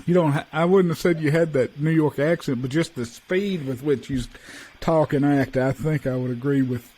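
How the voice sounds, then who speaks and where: Male podcast host, friendly rambler, stumbles over sentences, a bit higher pitch. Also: mellow, breathy edge, low-quality recording. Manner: rambling, halting, many restarts. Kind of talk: casual interview chat.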